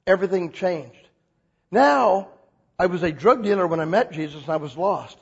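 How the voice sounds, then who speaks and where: A man preaching a sermon as a pastor, telling stories with lively acted-out quotes. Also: normal speed, breathy edge, muffled recording. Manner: animated storytelling, acts out quotes with big pitch jumps.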